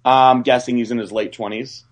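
A young man telling a story on a podcast in a rambling, excited way, full of fillers and restarts. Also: medium pitch, normal speed. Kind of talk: casual storytelling.

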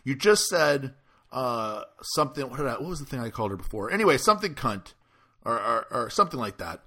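A man with a bright, forceful voice tells a story on a podcast. He rambles and stumbles through it, piling up fillers in an easygoing, chatty way. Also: medium pitch, sing-song, husky. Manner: rambling, halting, many fillers. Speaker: podcast host. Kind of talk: casual storytelling chat.

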